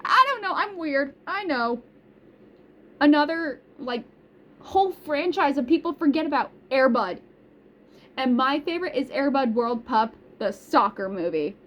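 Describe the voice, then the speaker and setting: A woman's voice: high-pitched, lively intonation, measured pace. A woman vlogger chatting casually about her favorite movies, bubbly and rambling, with self-deprecating asides. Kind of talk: casual chat. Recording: slightly dull recording with faint hiss.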